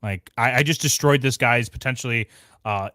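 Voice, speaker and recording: A man's voice: medium pitch, normal speed, bright, forceful tone, no room sound, clean studio sound. A man co-hosting a casual chat about a TV show, bantering in a joking, slangy way. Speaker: podcast co-host.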